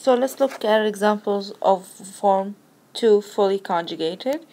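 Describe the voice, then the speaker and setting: A woman's voice: medium pitch, mellow. Woman teaching Arabic verb patterns. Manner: patient, explains step by step, recites conjugations slowly. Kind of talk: recorded language lesson.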